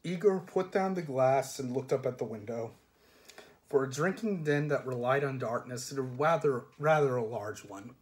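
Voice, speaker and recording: A man's voice: medium pitch, moderate pace. Man reading a novel aloud. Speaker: reader.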